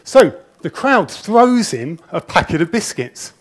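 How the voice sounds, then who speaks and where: A man's voice: sits high, big pitch swings, unhurried. A middle-aged man speaking at a conference, a nervous, chatty storyteller who jokes at his own expense, on a wireless presenter mic. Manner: nervous, chatty storyteller with self-deprecating humour. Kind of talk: conference talk. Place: conference hall. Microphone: wireless presenter mic with a body pack.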